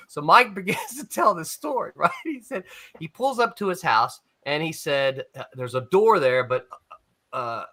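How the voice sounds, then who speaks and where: Man, comics editor, casual panel chat, rambling anecdote, chuckling, lively pitch, bright tone. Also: unhurried. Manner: rambling storyteller, chuckles often, many restarts.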